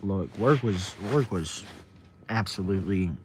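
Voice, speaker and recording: A young man from Texas hosts a casual livestream, reading comments aloud and greeting viewers by name. His voice sits fairly low, and his delivery stays laid-back and chatty. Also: lively intonation, unhurried, a little mellow, slight background noise. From Texas, USA. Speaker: livestream host.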